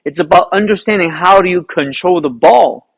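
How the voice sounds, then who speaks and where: A man, a golf instructor, recounting a round in an animated storytelling way, asking himself rhetorical questions. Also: high-pitched, moderate pace, vocal fry, low-quality recording. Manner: animated, rhetorical questions, re-enacts his own thoughts.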